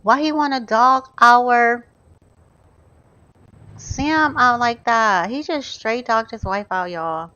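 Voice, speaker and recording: A woman giving animated, chatty commentary over her gameplay, often calling out to her viewers. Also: a little high, slow, pauses often, clear, resonant tone, highs cut off. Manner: animated, gasping, chatty, addresses viewers as y'all. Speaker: gaming YouTuber. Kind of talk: casual let's-play commentary.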